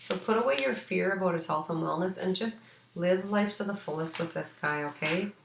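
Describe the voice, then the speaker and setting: Low-voiced chatty woman in an echoey room. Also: moderate pace, gravelly, a little hiss or hum. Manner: chatty and rambling, with many ums and restarts. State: sneezy. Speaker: animal psychic. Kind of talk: casual spoken pet reading.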